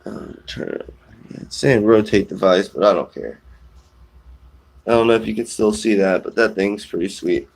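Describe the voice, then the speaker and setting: A man's voice: lowish voice, normal speed, creaky, a little mellow. Rambling man chatting on a porch. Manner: rambling, many fillers and restarts. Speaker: live streamer reading viewer comments. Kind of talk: casual live-stream chat. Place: outdoors on a shaded home porch.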